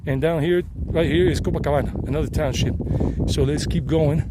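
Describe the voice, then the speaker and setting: A man's voice: on the high side, steady tone, brisk, background noise. A middle-aged man with a Southern US accent narrates his hike in a chatty, meandering way and sweats from the climb. He records on a handheld phone outdoors on a mountain trail. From South Carolina, United States. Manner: chatty, meandering, repeats himself. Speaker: travel vlogger and English teacher. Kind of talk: casual rambling narration while hiking.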